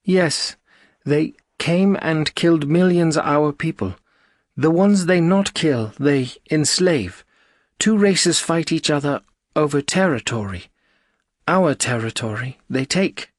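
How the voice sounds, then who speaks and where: An earnest female alien , put on by a male narrator, explains her people's plight in an audiobook. The voice is pitched well above his own and speaks in halting, broken English. The recording is dry and close. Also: no echo. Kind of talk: audiobook character voice.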